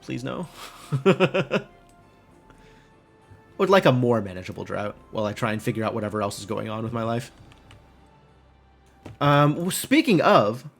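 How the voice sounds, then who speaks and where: A man's voice: medium pitch, gravelly. A man streaming a game live, thinking aloud in casual, rambling commentary full of "like" and puzzled questions to himself.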